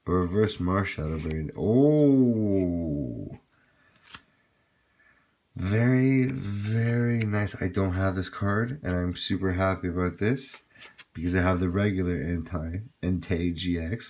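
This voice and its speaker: A man hosting a card pack-opening video, chatting casually and getting excited over his pulls, with quick apologetic asides. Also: low voice, slight background noise. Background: crinkling packs and shuffling cards.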